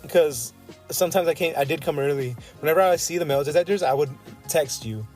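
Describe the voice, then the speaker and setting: A man's voice: a little high, quick pace, a little mellow, soft background music. A young man hosting a casual podcast chat, eagerly steering the talk and laughing often. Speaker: podcast host.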